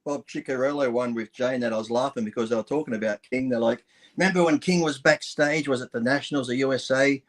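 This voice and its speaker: A man's voice: medium pitch, quick pace. Laid-back man rambling with laughs. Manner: relaxed, rambling, laughs often, swears. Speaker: guest, retired pro bodybuilder. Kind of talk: casual chat.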